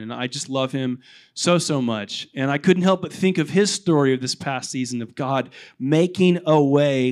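A male pastor with a slightly high voice, speaking from a church platform as he brings a friend up to share. He talks warmly and slips in a joke. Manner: warm, joking aside. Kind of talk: introducing a guest from the pulpit. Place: church platform, in front of congregation.

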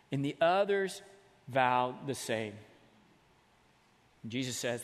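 Animated male preacher in a reverberant hall. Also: on the high side, a little fast. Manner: casual, animated storytelling with acted-out voices. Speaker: pastor. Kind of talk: sermon.

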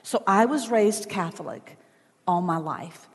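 A woman's voice: mid-range voice, unhurried. A woman telling a personal story in a sermon in a chatty, emotional way, with asides to the congregation. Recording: long church hall reverb.

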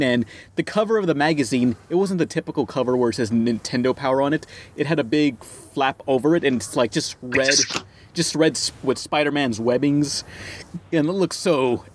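A man's voice: fairly high pitch, moderate pace, slight background noise. A man in casual chat with friends, recounting childhood memories with enthusiasm.

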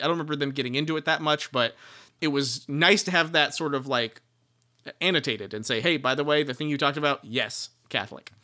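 A man's voice: mid-range voice, pushed and bright. A man co-hosting a casual book-discussion podcast, rambling and laughing, with lots of restarts. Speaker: podcast co-host.

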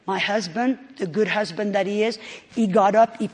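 A middle-aged woman preaching a sermon at a conference, telling a story with emphatic swings from hushed tones to shouting. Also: medium pitch, moderate pace, slightly rough. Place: conference hall. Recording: long hall reverb.

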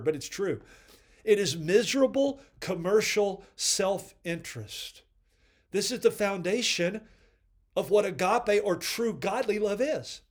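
A man hosting a devotional podcast, earnestly preaching and commenting on quoted readings. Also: sits high. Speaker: podcast host.

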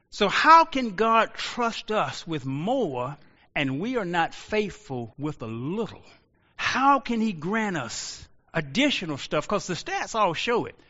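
A man preaching a sermon as pastor, rising to shouts and slowing into drawn-out pauses. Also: high-pitched. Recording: lo-fi audio with long reverb.

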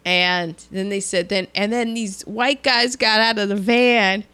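A woman in casual chat, recapping a film with animated storytelling. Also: medium pitch, a little slow, clear, resonant tone. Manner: animated storytelling, acts out quoted lines, laughs often.

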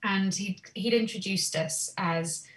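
A woman, a singer, telling stories from her career in a chatty, animated way with many "um"s. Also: mid-range voice, slow pace, recorded from a distance. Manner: animated storyteller, many "um"s, laughs easily. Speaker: guest singer. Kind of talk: casual interview chat.

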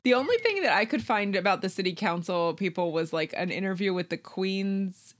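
A woman's voice: mid-range voice, expressive, brisk. A woman co-hosting a podcast in casual chat, laughing often and talking with lots of fillers. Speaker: podcast co-host.

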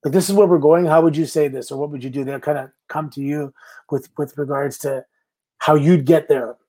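A man's voice: fairly high pitch, steady tone, fairly quick, mellow. A middle-aged man from Canada, a guest in a casual interview, telling stories and acting out the lines people said to him. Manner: storytelling, acting out quoted lines. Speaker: guest, pro wrestler.

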